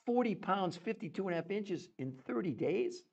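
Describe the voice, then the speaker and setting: A man hosting a live stream, chatting with viewers and greeting them by name in an excitable, animated way, laughing often. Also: sits high, moderate pace, creaky, muffled recording. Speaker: livestream host. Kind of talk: enthusiastic live-stream chat.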